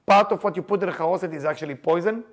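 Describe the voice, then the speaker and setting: A man's voice: high voice, rapid-fire. A man teaching a group about the Passover seder. He tells stories with humor, laughs often, and raises his voice for emphasis. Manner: animated storyteller, laughs and jokes, shouts for emphasis. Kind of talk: lively teaching talk to a group.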